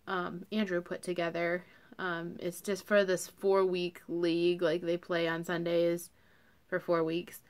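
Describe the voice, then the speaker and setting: A young woman talking casually to camera as a vlogger, chatty and full of fillers. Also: on the low side.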